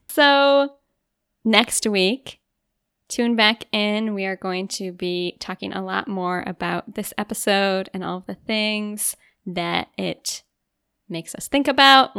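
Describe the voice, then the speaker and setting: A woman's voice: mid-range voice, gravelly, fairly bright tone, dry recording. Chatty young woman, dry close sound. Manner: chatty, many "like" fillers, giggly. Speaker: podcast co-host. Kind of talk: casual chat.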